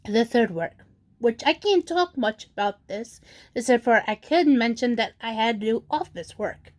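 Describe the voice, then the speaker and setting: A woman vlogging about her troubles while crying, halting and apologetic, with sighs and restarts. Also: fairly high pitch, expressive. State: crying, tearful. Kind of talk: emotional personal vlog.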